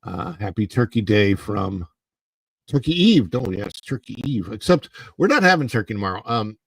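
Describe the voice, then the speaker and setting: A middle-aged man hosting a casual livestream from home, rambling in a sleepy, unhurried way with plenty of fillers as he greets viewers in the chat. He speaks into a clip-on mic close under his face. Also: fairly low pitch, lively intonation, gravelly, breathy edge. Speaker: livestream host.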